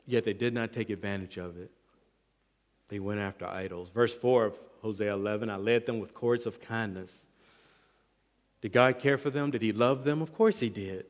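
A man preaching an expository sermon, emphatic, with swings between loud and quiet passages. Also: medium pitch. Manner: emphatic, rising and falling in volume, restarts words. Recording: long reverb of a large hall.

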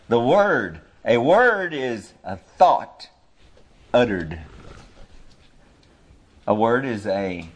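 A man preaching an informal sermon, earnestly searching for words with many restarts, and reading scripture slowly. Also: mid-range voice, big pitch swings. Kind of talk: informal sermon, Bible teaching.

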